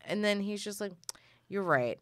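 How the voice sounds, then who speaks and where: Brief: young New woman, lively swearing storyteller, dry close sound. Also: medium pitch, normal speed, no room sound. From New York, the Bronx. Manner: animated storyteller, acts out other people's lines, swears freely. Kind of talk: casual storytelling chat.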